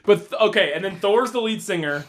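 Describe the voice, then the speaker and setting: A man's voice: high-pitched, expressive, fairly quick, background noise. A man hosting a casual film podcast, rambling, laughing often and swearing freely. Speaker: podcast host. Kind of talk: casual chat.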